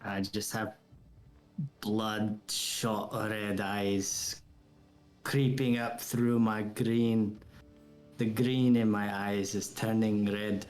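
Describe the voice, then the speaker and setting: Slow-talking man playing a tabletop game. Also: on the low side, little pitch movement, darkish tone, soft background music. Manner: hesitant, plain, describes actions in first person. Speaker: player.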